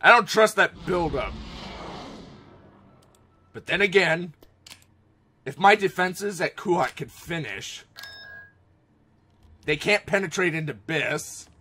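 A man talks through a strategy game he is playing, cursing and joking at himself. His voice sits high and moves a lot in pitch, with a bright edge. Faint music plays underneath. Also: measured pace, a little hiss or hum. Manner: excitable, swearing, joking to himself. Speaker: gameplay commentator. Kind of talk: let's play commentary.

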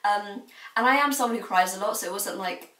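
A woman's voice: mid-range voice, fairly quick, a bit bright, recorded from a distance. A young woman, giving candid, chatty advice to her viewers. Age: late teens. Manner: chatty and confiding, laughs now and then. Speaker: student vlogger. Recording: roomy, mic set back.

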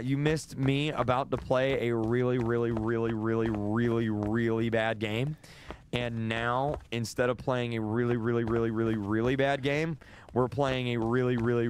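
This is a gaming streamer doing live commentary on a horror game, speaking in a mid-range voice over background noise. The young man is on edge, says things more than once, and his voice is starting to give out.

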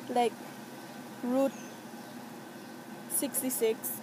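A woman from St. Croix with a Cruzan accent, doing a casual accent-tag vlog, deliberately sounding out single words one by one. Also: high voice, little pitch movement, noisy background. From St. Croix, US Virgin Islands. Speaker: vlogger.

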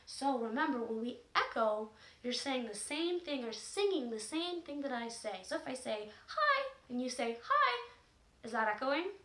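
Lively high-voiced woman teaching children. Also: moderate pace, hardly any pauses, reverberant. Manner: encouraging, sing-song, talking to young children. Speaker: music and movement teacher. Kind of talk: children's class lesson.

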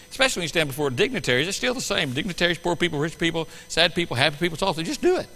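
A man pastor preaching a sermon with animated swings between loud bursts and quiet asides. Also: on the high side, racing, hardly any pauses, in a large hall, poor audio. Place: church sanctuary.

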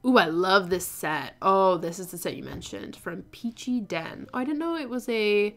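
A woman's voice: mid-range voice, animated, moderate pace, soft background music. A young woman hosting a knitting livestream, chatting casually and effusively as she reads out viewers' posts, with lots of fillers.

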